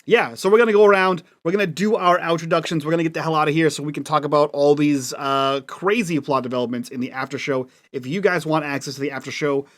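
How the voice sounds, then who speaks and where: A man's voice: fairly high pitch, fairly even intonation, fast talker, hardly any pauses, a bit bright. Chatty man hosting a game show outro. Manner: loose, swearing, chatty. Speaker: host.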